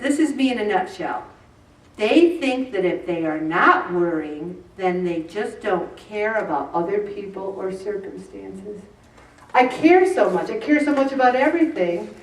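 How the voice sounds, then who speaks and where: Chatty woman in her 60s giving a faith talk. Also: high voice. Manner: chatty, self-mocking, asks the audience questions. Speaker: speaker at a faith group. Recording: roomy, distant mic.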